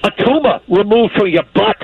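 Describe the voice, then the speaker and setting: A man with a high, animated, fairly quick voice, creaky and slightly breathy, gives psychic readings on a call-in radio show. He speaks emphatically and in a folksy, repetitive way over a telephone, with faint hiss on the line and no echo.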